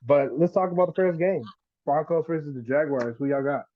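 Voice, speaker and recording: A man's voice: a little high, brisk. Slangy man host, slightly dull sound. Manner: slangy, profane, hypes picks. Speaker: podcast host leading the segments. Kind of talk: casual sports betting chat.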